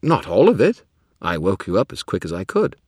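A man doing a know-it-all male spirit voice, raised and loud, rambling wisecracks, husky, dry. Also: fairly low pitch, huge pitch swings, a little fast, dry recording, voice pushed up, heavily acted. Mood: flippant. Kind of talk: audiobook character voice.

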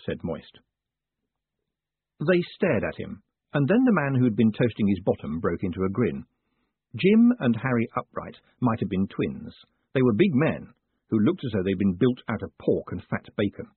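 A man narrating an audiobook with lively, dramatic storytelling. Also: lowish voice, normal speed, husky, dry recording. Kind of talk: scripted narration. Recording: phone-like dry audiobook sound.

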